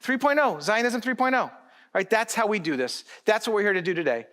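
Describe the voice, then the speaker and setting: Animated middle-aged man giving a conference speech. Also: high-pitched, a little fast. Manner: animated, direct, joking with the audience. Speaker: conference keynote speaker.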